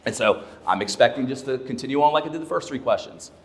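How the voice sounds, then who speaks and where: A man's voice: medium pitch, expressive, quick pace. Emphatic male keynote speaker in a hall. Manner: emphatic storyteller who repeats key points. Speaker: leadership speaker. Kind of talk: keynote talk to a live audience. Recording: long hall reverb.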